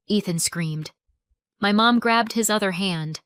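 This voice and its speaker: A woman narrating a story in a calm, measured storytelling voice. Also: medium pitch, smooth, no room sound, clean studio sound.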